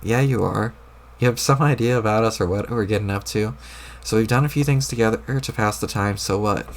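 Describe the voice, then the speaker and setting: A man doing a deadpan, sarcastic teen boy. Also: brisk, natural voice. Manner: flat, dry, low-key delivery. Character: deadpan, aloof teenage boy, cool and sarcastic. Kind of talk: reading a webcomic aloud on stream.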